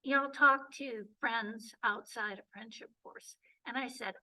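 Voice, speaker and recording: A high-pitched woman from the Detroit area presents to her club in an unhurried, chatty way, full of ums and restarts. Her voice is bright but going hoarse, and it is picked up from across a meeting room. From Detroit area, Michigan. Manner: chatty, many fillers and restarts. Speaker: presenter and journey coordinator. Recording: voice picked up from a distance.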